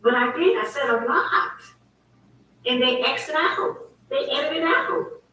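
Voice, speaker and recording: A woman's voice: high voice, lively intonation, takes it slowly, sharp tone, a little hiss or hum. Woman ranting on her livestream show, heated and repeating herself, sounds far off the mic w/ a roomy echo. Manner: emphatic, repetitive, heated storytelling. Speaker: host of her own online talk show. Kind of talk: casual livestream monologue.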